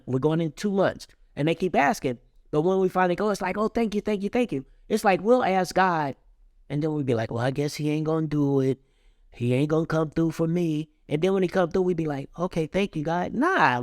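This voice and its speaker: A man with a somewhat high voice hosts an interview. He talks about faith in a preacherly way and explains with everyday analogies. The recording is close and dry. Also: no echo. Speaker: host. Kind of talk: casual interview, faith talk.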